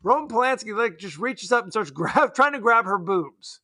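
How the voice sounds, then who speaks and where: A man's voice: high voice, animated, normal speed, pushed and bright. A man co-hosting a podcast, chatting casually and jokingly about a film, laughing often. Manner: joking, laughs often, puts on silly voices. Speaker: podcast co-host. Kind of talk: casual film review chat.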